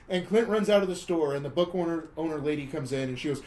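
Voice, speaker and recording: A man's voice: fairly high pitch, fairly quick, hardly any pauses, a little mellow, rough recording. A man co-hosting a podcast, casually retelling a film plot in a wry, mocking play-by-play, often stumbling and repeating words. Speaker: podcast co-host. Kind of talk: casual chat recapping a film.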